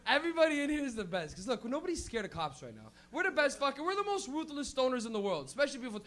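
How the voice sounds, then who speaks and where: High-voiced young Canadian stand-up, bright. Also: male voice, big pitch swings, rapid-fire. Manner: loud, rambling, laughing at own jokes. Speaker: stand-up comedian. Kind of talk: stand-up set. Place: comedy club, live audience.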